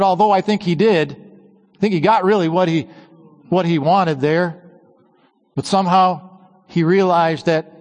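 A male preacher with a fairly high voice delivers an emphatic sermon, stretching out key words. His phrases often fall to a low hush, and a long church reverb trails after him.

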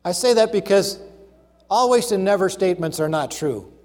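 Man preaching a sermon, highish voice, leans on key phrases, long echoey hall sound. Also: lively intonation, a little mellow, soft background music. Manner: emphatic, listing numbered points and slowing down on key phrases.

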